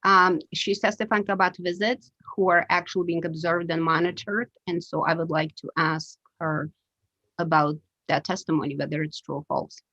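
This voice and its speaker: A woman attorney questioning a witness in a court hearing over a video call, measured and often pausing with fillers. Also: low voice, a bit bright, breathy edge, no room sound. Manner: measured, hesitant with frequent fillers. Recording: dull dry video-call audio.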